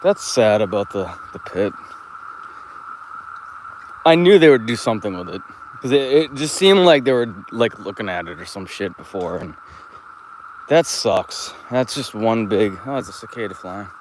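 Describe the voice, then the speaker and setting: A man's voice: lowish voice, lively intonation, normal speed, pauses often, noisy background. A man live streaming from his phone while walking outdoors, talking in a laid-back, rambling way and swearing freely. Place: outdoors, walking through a park and woods.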